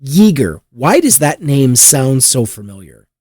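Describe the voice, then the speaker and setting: A male podcast host venting about the news in an exasperated, profane rant. His pitch swings widely, and the recording is dry and close with no room sound. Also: big pitch swings, a little slow, darkish tone, dry recording. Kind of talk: casual news commentary.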